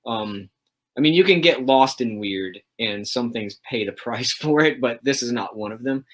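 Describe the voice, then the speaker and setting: A man's voice: mid-range voice, normal speed, a bit bright. A man hosting a casual livestream chat, talking about comics in a rambling, enthusiastic way with lots of fillers. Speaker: host of a livestream.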